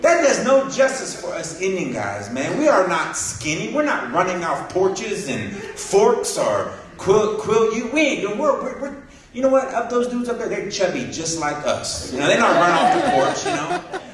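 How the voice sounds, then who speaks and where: Speaking at normal speed in a high voice, a male comedian acts out characters as he tells stories on stage. He is heard from afar in a reverberant hall before a live audience that laughs along.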